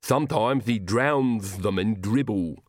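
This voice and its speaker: A man voicing a devoted old male castle servant who speaks slowly and deliberately. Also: fairly low pitch, no room sound, clean studio sound. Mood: plain. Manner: slow, deliberate, matter-of-fact.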